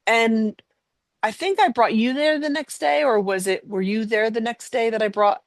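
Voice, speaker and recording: A woman's voice: on the high side, moderate pace, no room sound. A middle-aged woman hosting a podcast, telling a personal family story in conversation, emotional and rambling with many fillers and restarts. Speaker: podcast host.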